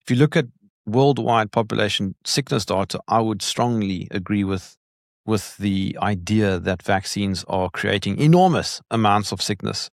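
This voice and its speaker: A man's voice: on the low side, normal speed, vocal fry, no room sound, studio quality. A man chatting as a podcast guest, talking emphatically and laughing often, with repeated starts to his sentences. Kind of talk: casual conversation.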